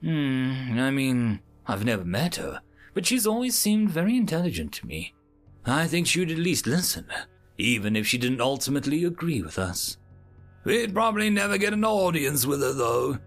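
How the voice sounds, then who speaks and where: A man voicing a female alien pack commander who is tense and dry-humored, with a brisk, commanding way of talking. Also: mid-range voice, very animated, faint music behind.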